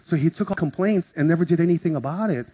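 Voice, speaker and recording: A man's voice: on the high side, fast, slightly rough. A man, a pastor, preaching a sermon and telling a story, acting out each person's voice. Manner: animated, acts out conversations in shifting voices.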